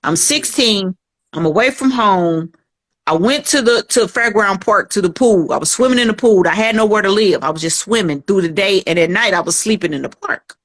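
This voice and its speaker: A woman's voice: medium pitch, expressive, normal speed. Podcast guest, a woman, earnest storytelling, acts out the voices in her tale. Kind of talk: personal testimony in a podcast interview.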